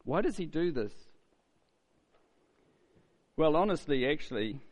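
Guy preaching, chatty sermon, tosses out questions, does the voices of people in the story, voice sits a bit high. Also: big pitch swings, unhurried, breathy edge, long reverb tail, poor audio. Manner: conversational, asks rhetorical questions, acts out quoted voices. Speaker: pastor.

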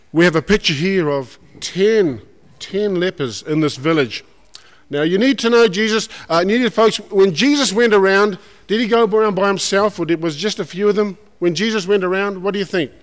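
A man preaching a sermon, folksy and animated, putting questions to the congregation. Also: sits high, moderate pace. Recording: long hall reverb.

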